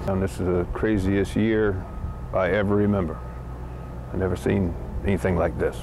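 A man's voice: sits low, flat delivery, moderate pace. A man who works as a shrimper, speaking emphatically in an interview. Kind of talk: casual interview. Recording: outdoor noise, speaker off-mic.

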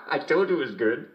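A man's voice: fairly high pitch, highs cut off, exaggerated voice. An actor playing a jovial, middle-aged English TV host who chuckles between lines with a smarmy showman delivery, in a scripted game broadcast. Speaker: TV and radio host.

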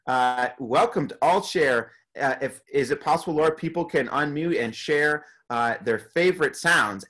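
Upbeat man leading a lively online class. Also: slightly rough. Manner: upbeat, playfully imitates animal sounds in a high voice. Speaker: beatboxing workshop leader. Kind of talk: leading an online group session. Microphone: video call.

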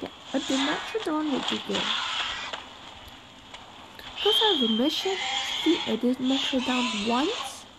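A woman giving casual, excitable commentary over her own gameplay video, exclaiming at the game as she plays, into a computer microphone. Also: high voice, a little slow, pauses often, very noisy. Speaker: gaming video creator. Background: loud game music.

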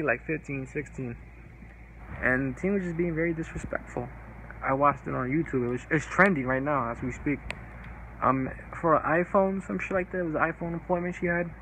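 A man vents on his vlog in an angry, profane rant, circling back to the same complaints again and again. His voice sits a little high for a man, and a faint hiss of noise runs under the recording. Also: fairly bright tone, rough recording. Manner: angry, profane, repetitive ranting. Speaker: vlogger. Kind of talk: casual ranting to camera.

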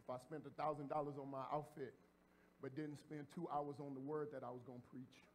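A pastor preaching a sermon in a church. He talks straight to the congregation in a casual way and repeats phrases as he builds to shouts. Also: fairly high pitch, level tone, brisk. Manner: addresses the congregation directly and informally. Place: church sanctuary before a congregation.

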